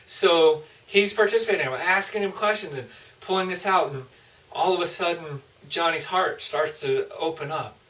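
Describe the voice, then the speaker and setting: A man's voice: fairly high pitch, moderate pace, fairly bright tone, recorded from a distance, poor audio. A man, a motivational speaker, telling an emotional personal story in an earnest, heartfelt way with frequent restarts.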